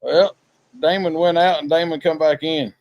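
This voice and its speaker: A man hosts a casual live-stream podcast, joking in a folksy, plainspoken way. His voice sits fairly high for a man. The sound is dry and close, with no room echo. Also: fairly even intonation, normal speed, a little mellow. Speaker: podcast host.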